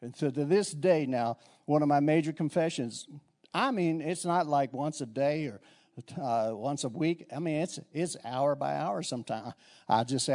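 Man preaching a sermon, slightly high. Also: normal speed, a little mellow. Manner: conversational preaching with repetitions and restarts. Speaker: pastor. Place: church.

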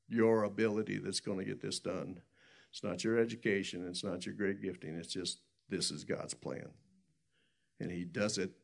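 Gravelly-voiced man preaching a sermon. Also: on the low side. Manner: rambling storytelling with many restarts.

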